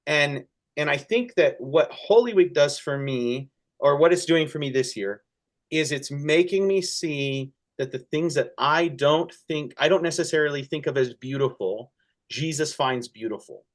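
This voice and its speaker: Slightly high-voiced, this man talks as a pastor in a casual church discussion. He is earnest but halting, restarting frequently, and emotion builds in his voice.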